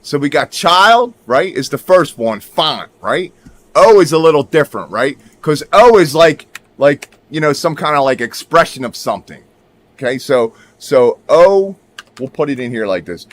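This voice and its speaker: Lively man tagging "right?" onto everything. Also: a little high, a little slow. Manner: keeps checking in with "right?", emphatic, swears. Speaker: video creator. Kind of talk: casual screen-share commentary.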